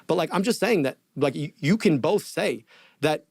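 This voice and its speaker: A man answering in a podcast interview, arguing his point quickly and conversationally. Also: a little high, animated, vocal fry, darkish tone, no room sound, studio quality. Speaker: political candidate being interviewed.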